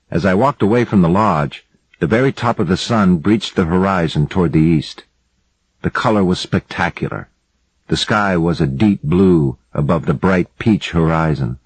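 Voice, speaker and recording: A man narrating an audiobook in the first person with steady, even storytelling. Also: low-pitched, husky, no echo, rough recording.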